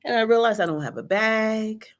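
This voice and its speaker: Speaking in a fairly high pitch, a middle-aged guest recounts an emotional story from her life, hesitating, starting over, and quoting others' speech.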